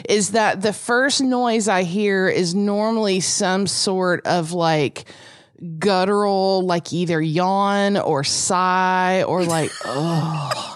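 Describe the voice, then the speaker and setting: A woman's voice: mid-range voice, slow, dry recording, studio quality. A woman co-hosting a podcast in casual chat, rambling and hesitant with many fillers. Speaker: podcast co-host.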